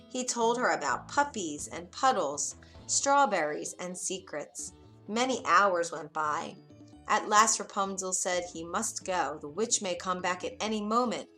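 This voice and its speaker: A woman narrates a children's bedtime story in a gentle, unhurried manner. Her voice has a bright, clear tone. Soft music plays faintly underneath. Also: lowish voice.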